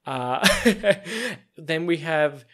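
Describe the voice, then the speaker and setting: A man's voice: fairly high pitch, animated, drawn-out words. A young Australian man hosting a casual solo podcast. He rambles and meanders, with lots of fillers and little laughs. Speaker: podcast host.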